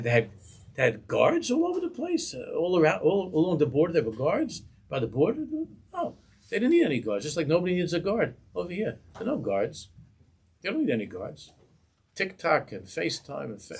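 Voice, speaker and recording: A man's voice: fairly high pitch, slightly rough. A man, a rabbi giving an impassioned Torah class in a synagogue, pleading with rhetorical questions.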